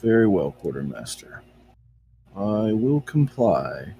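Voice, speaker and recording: A man's voice: on the low side, big pitch swings, mellow, slight background noise, full character voice. A man playing a solemn, formal turtle hero. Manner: formal, measured, slow. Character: solemn devout male turtle adventurer.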